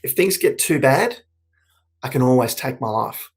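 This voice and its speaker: A man in his forties giving candid, earnest personal testimony, reflective and halting with frequent restarts. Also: medium pitch, expressive. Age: 40s. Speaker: suicide prevention speaker.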